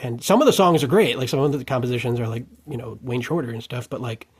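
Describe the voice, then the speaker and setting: Husky man ranting with heated profanity. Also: medium pitch, fast talker. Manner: heated, profane and emphatic, swinging into shouted outbursts. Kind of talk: unscripted monologue rant.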